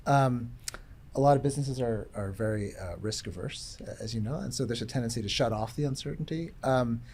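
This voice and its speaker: A man explaining ideas in a casual panel discussion. He talks thoughtfully and haltingly, restarting phrases and leaning on fillers as he works through a point. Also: medium pitch, darkish tone, slight background noise. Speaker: guest tech executive.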